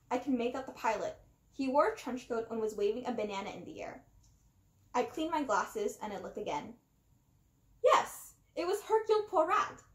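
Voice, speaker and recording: A woman reading a children's storybook aloud, animated and acting out the narrator. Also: on the high side. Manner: animated, acts out the first-person narrator. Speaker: storybook reader. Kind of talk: expressive storybook read-aloud. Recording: roomy echo.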